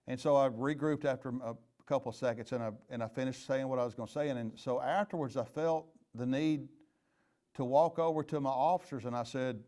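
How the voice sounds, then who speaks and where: A man's voice: medium pitch, brisk, darkish tone. A middle-aged man, a retired police chief giving a leadership training talk in an earnest, candid storytelling manner with plain folksy phrasing.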